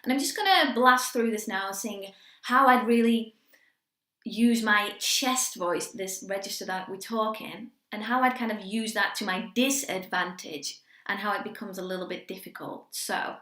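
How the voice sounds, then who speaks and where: A young woman coaching singers in a quick lesson, chatty and encouraging, breaking into sung demonstrations. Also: mid-range voice, pushed and bright, echoey room. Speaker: vocal coach.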